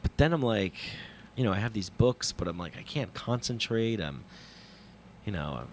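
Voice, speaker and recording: A man hosting a podcast, telling a travel story in a casual, animated and profane monologue that mocks himself. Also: lowish voice, moderate pace, a little hiss or hum. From New York. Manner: profane, animated, self-mocking retelling.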